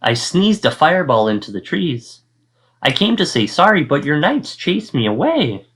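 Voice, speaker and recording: A man's voice: on the high side, very animated, moderate pace, a bit bright, breathy edge, pitched above the performer's own voice, exaggerated voice. A male teacher voicing a big, apologetic male dragon in a children's storybook, in a lightly raised voice.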